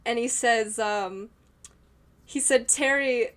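A woman's voice: on the high side, slow. A woman co-hosting a podcast, chatting casually in a rambling, giggly way with many restarts. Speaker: podcast co-host. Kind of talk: casual chat.

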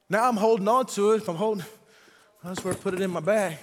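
A man in his forties preaching a sermon in a casual, repetitive way, swinging between loud outbursts and quiet passages. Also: high-pitched, fast, long reverb tail, a little hiss or hum. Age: 40s. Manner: conversational, repetitive, dynamic shifts from loud to quiet. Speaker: pastor. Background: faint band music.

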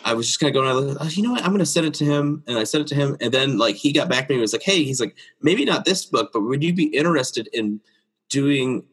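Guesting on a relaxed interview, this fast-talking children's book illustrator, a friendly man in his thirties with a slightly husky voice, spins lively stories about his artwork. He laughs a lot and mimics whoever he's quoting by shifting up into a high voice.

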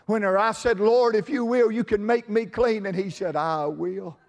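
A male preacher delivering an impassioned sermon in a sing-song cadence, dropping to soft murmurs and rising to shouts. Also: high voice, moderate pace, creaky. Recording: long hall reverb.

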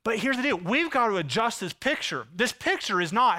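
A man in his thirties preaching a sermon as pastor, impassioned, swinging from loud emphasis to hushed intensity. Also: high voice, very animated, fairly quick.

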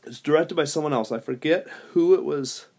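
A man's voice: fairly high pitch, a little fast, a little mellow. A man co-hosting a casual podcast chat, rambling with lots of fillers and restarts. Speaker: podcast co-host.

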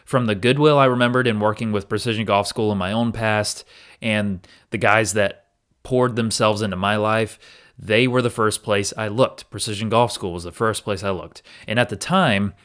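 This podcast host's voice is fairly low in pitch with a fairly bright tone. In a reflective episode on his own, he shares his experience in an earnest, candid way and restarts now and then.

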